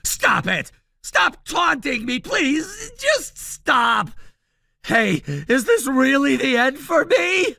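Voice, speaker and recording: A woman voicing an arrogant young male designer who shouts and whines defensively in an animated story. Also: high voice, slow pace, creaky, hardly any pauses, no room sound, studio quality, heavily acted. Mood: desperate.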